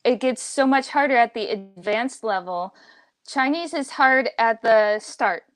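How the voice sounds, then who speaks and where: A woman who teaches languages appears as a guest on a casual livestream, speaking emphatically and with strong opinions, complete with animated impressions. Her voice is a little high and unhurried, recorded dry.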